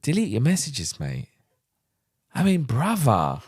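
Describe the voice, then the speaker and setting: A man's voice: mid-range voice, a little slow, breathy edge. A middle-aged man, a podcast guest, candidly retelling a personal story and acting out the dialogue. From London. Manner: animated, vivid retelling with acted-out dialogue.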